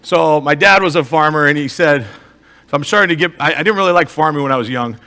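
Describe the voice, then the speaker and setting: A man's voice: a little high, fast talker, pushed and bright, long reverb tail. A man, a motivational speaker and life coach with an Upper Midwest American accent, giving an emphatic live talk to an audience and asking the crowd rhetorical questions. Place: stage in a hall.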